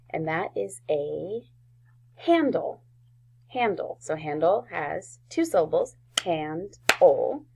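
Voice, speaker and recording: A woman teaching a recorded phonics lesson to first graders, sounding out words slowly and clearly with gentle encouragement. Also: on the low side.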